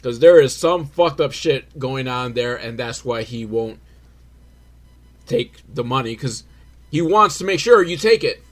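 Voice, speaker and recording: A man's voice: medium pitch, lively intonation, a little slow. A man giving a comedic movie recap, rambling and sardonic, with crude jokes and frequent swearing.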